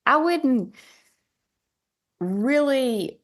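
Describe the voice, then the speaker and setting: A woman's voice: high voice, extremely slow. Tennessee-twang woman, musician guest, chatty storyteller who acts out quotes. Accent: West Tennessee Southern twang. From West Tennessee, USA. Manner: storytelling, animated quoting of others. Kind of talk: casual interview chat.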